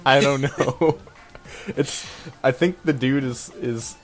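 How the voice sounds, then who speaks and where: Brief: man, comedy co-host, wry and mocking, quick laughs, faint music bed behind. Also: mid-range voice. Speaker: podcast co-host. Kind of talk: casual comedic chat.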